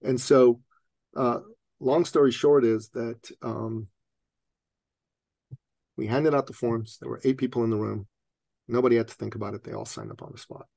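A man speaking as a podcast guest, telling a personal story in an animated way and laughing often as he goes. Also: medium pitch, normal speed, creaky, long pauses, no room sound.

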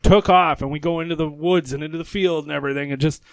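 Male guest, somewhat high voice, animated storyteller who swears, dry close recording. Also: quick pace, gravelly, smooth, no echo. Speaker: guest guitarist. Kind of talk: casual podcast chat.

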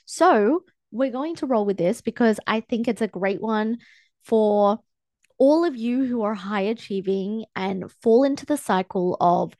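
A woman's voice: a little high, unhurried, darkish tone, no room sound. A young woman hosting a solo podcast, talking casually and encouragingly as a personal-growth coach. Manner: chatty, encouraging, self-help coaching tone. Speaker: podcast host. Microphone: close podcast mic, filmed for video.

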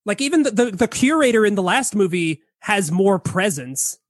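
A man's voice: high-pitched, big pitch swings, moderate pace, no echo, clean studio sound. A man on a podcast, discussing a film in a casual, hesitant chat full of restarts. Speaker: podcast co-host.

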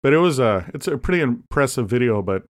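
A man co-hosting a casual comedy podcast, rambling through deadpan jokes and asides. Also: mid-range voice, quick pace. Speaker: podcast co-host.

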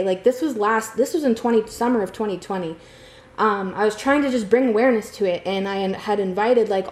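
A woman co-hosting a podcast, her voice sitting a little high. She talks emphatically, swears freely and rambles through fillers and restarts. The sound carries a noticeable room echo. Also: darkish tone. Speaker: podcast co-host. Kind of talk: casual chat.

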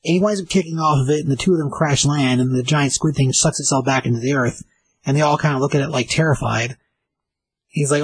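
A man's voice: mid-range voice, steady tone, brisk, slightly rough, no echo, low-quality recording. A man casually recapping and reviewing a comic book issue, rambling with many fillers. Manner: rambling, filler-heavy retelling.

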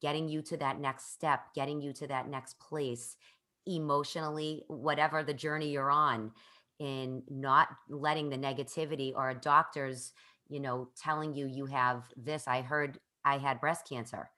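A woman's voice: extremely low pitch, steady tone, normal speed, bright, forceful tone. A woman hosting an interview, talking earnestly and at length, often restarting her sentences. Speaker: podcast host. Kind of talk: conversational interview.

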